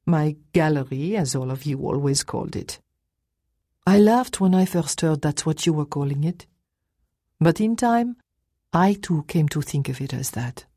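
A woman voicing a stern, formal older woman with slow, deliberate speech, read in an audiobook. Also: deep voice, animated, mellow, no room sound, studio quality. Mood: probing.

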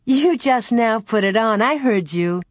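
A reader voicing a gentle, sensible pioneer girl, the older sister, in a soft, raised voice with a prim, motherly manner. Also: medium pitch, expressive, measured pace, no echo, clean studio sound, pitched above the performer's own voice, lightly acted. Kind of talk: audiobook character voice.

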